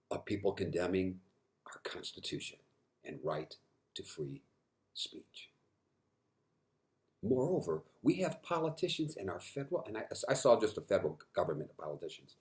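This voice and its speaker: A man speaking to camera in an impassioned monologue, frustrated, swinging from quiet stretches to loud emphatic outbursts and repeating words when worked up. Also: low-pitched, big pitch swings, normal speed, pauses often. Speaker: vlogger.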